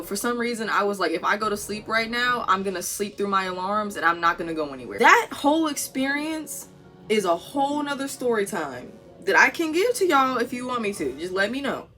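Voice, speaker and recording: A young woman tells a wild story straight to camera, slipping into the voices of everyone in it. Her voice is bright and swings widely in pitch. Faint music plays behind her. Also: fairly quick. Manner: animated storytelling, acting out voices. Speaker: vlogger. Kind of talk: storytime vlog.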